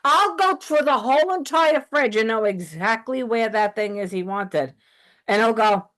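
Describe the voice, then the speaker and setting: A woman hosting a podcast, ranting in a heated, profane, animated way in casual chat. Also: mid-range voice, moderate pace. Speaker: podcast host.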